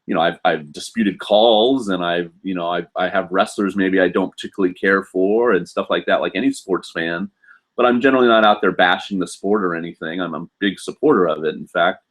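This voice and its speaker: A man's voice: deep voice, brisk, a bit bright. A man hosting a live question-and-answer stream, talking casually with lots of ums and restarts while he reads comments. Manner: rambling, filler-heavy, chatty. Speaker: host.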